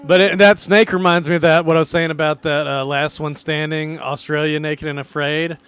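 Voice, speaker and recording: A man's voice: fairly high pitch, fairly even intonation, brisk, fairly bright tone, smooth. A man co-hosting a casual podcast chat, rambling through stories and acting out what people said. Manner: rambling storyteller, acts out quotes.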